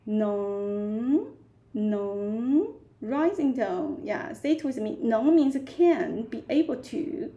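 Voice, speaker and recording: A woman teaches a live beginner language class online, patiently repeating each word. Her voice sits a little high, with a gravelly fry running through it. She talks at a slow, deliberate pace. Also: animated, dark tone, muffled recording. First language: Chinese. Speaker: Chinese teacher.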